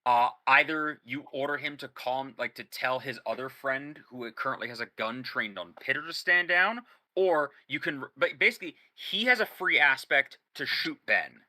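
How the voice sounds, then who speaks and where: Bright-voiced man running a tabletop game. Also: mid-range voice, normal speed, hardly any pauses. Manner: thinks aloud, explains rules in detail. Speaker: game master. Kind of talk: narrating and ruling a tabletop game.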